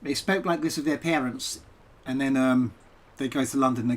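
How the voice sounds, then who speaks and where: Talking into a desk microphone at his home computer, a poet who streams games chats loosely with his live audience while playing. He speaks at a normal speed in a mid-pitched, conversational voice, barely pausing as he drifts easily from one topic to the next.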